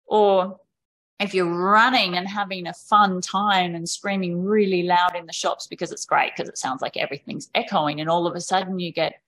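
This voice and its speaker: A woman's voice: lowish voice, fairly even intonation, normal speed, a bit bright. A woman speaking as a podcast guest in candid, conversational storytelling, frank and casual, often acting out quoted voices of parents and children.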